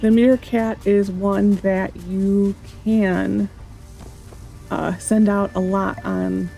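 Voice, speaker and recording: A woman's voice: mid-range voice, little pitch movement, drawn-out words, creaky, mellow, faint music behind. A woman hosting a gameplay video, chatting casually and thinking aloud as she plays.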